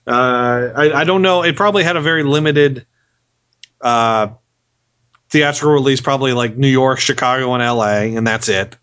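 A man's voice: medium pitch, moderate pace, a bit bright, smooth, muffled recording. A man hosting a podcast in casual chat, rambling, repeating his words, and swearing for laughs. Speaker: podcast host.

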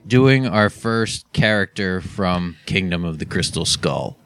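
A man with a lowish voice that still moves a lot in pitch, bantering and laughing with his co-host. His sound is dry and close, with faint music behind. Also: slow pace, clear, resonant tone, dry recording. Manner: laughs often, relaxed banter. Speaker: podcast co-host. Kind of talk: casual chat.

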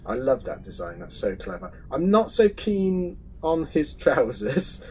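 A man's voice: fairly high pitch, big pitch swings, unhurried, warm tone, a little hiss or hum, poor audio. A man co-hosting a casual film podcast, chatty and hesitant, often restarting his sentences. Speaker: podcast co-host.

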